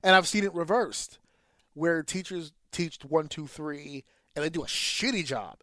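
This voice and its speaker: A man on a podcast talks in a blunt, animated way and swears freely as he vents about teaching. His voice sits a little high for a man. The recording is dry and close, with no room sound. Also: a little slow, no echo. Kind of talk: casual profane podcast chat.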